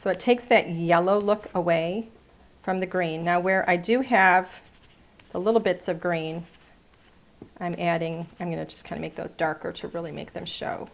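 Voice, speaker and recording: A woman's voice: on the low side, fairly even intonation, normal speed, gravelly. Chatty woman hosting a craft class. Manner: chatty, playful, narrates each step. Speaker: cardmaking class host. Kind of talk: live crafting demonstration.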